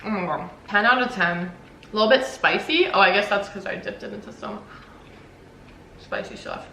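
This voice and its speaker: A woman's voice: mid-range voice, moderate pace, vocal fry, sharp tone. A young woman YouTuber chatting casually while she eats on camera for a mukbang, swearing now and then. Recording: roomy echo, faint background noise.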